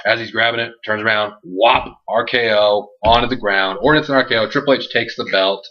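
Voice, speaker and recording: A young man hosting a casual wrestling review show, recapping with animated energy and acting out what people said. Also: lowish voice, fairly quick, highs cut off. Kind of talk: casual chat.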